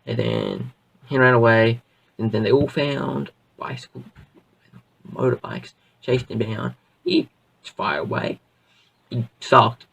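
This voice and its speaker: A man's voice: mid-range voice, very animated, takes it slowly, creaky, long pauses, fairly bright tone, husky, recorded from a distance, rough recording. A man reviewing a show in a casual, rambling way, full of fillers and restarts. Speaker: video reviewer.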